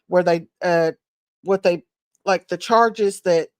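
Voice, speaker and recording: A woman's voice: on the low side, slow pace, darkish tone, dry recording. A woman hosting a casual livestream, chatting, laughing and greeting viewers by name. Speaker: livestream host.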